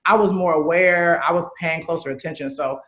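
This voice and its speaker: A Chicago woman in her thirties, speaking fairly quickly in a lowish voice, is a guest in a casual interview. She talks candidly and animatedly, swearing freely.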